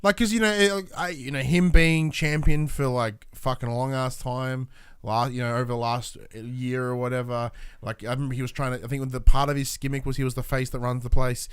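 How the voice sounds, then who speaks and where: A man's voice: medium pitch, fairly even intonation, a little fast, clean tone, dry recording, studio quality. A man co-hosting a podcast, making wry, critical remarks in casual chat. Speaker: podcast co-host.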